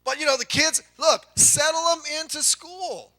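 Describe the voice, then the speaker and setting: A middle-aged man preaching a sermon to a congregation, telling folksy family stories with quick asides. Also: very high-pitched, bright, forceful tone. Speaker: pastor.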